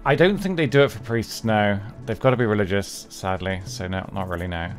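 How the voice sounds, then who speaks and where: A man's voice: lowish voice, a little fast, soft background music. A man casually talking his way through a strategy game as a streamer, chatting and muttering to himself and his characters. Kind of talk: casual gameplay commentary.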